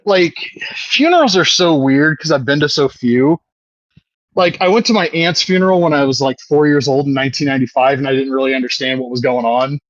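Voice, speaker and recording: A man's voice: mid-range voice, brisk, no room sound, muffled recording. A man in his thirties co-hosting a podcast, chatting casually, rambling and swearing, often laughing. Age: 30s. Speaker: podcast co-host. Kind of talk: casual chat.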